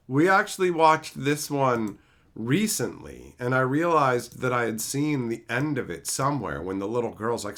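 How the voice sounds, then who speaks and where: A man streams live and chats casually with his viewers, his voice swinging up and down a lot. The tone is bright and forward, and he rambles, curses freely and gets animated as he goes. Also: mid-range voice, moderate pace. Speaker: streamer answering chat.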